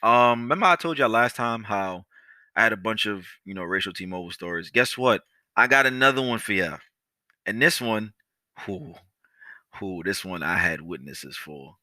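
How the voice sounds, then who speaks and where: Young man, podcast host, lowish voice, very bright tone, dry close mic, animated storytelling. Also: normal speed, no room sound. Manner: animated, profane, addresses listeners directly. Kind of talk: casual storytelling monologue.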